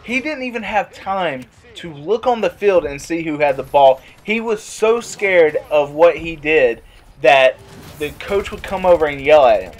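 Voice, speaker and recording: A young man vlogging, telling a casual story and acting out the quotes in a higher voice. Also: unhurried. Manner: animated, acts out quotes in a higher voice.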